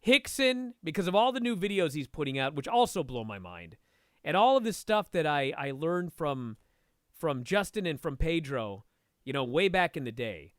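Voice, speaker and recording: Lively high-voiced man telling a story. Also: moderate pace, no room sound, clean studio sound. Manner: animated, swears freely, says "dude". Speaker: podcast guest, martial arts instructor. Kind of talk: casual storytelling chat.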